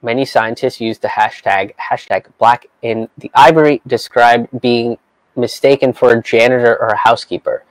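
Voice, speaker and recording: A man's voice: medium pitch, fairly even intonation, moderate pace, dry recording, low-quality recording. A man giving a profane, incredulous rant while reading from an article. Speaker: comedian vlogger.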